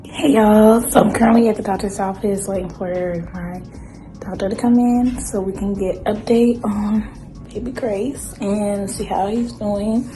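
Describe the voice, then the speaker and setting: Slow-talking woman, out of breath. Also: mid-range voice, steady tone, dark tone, faint music behind, rough recording. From North Carolina, US. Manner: chatty, talks straight to viewers. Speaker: vlogger. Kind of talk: casual vlog chat. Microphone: phone held at arm's length.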